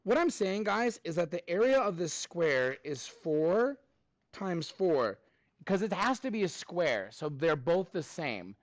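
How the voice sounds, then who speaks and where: Energetic man teaching math, cheerfully quizzing a class in a high, animated voice. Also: unhurried, no echo. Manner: upbeat, prompting students for answers.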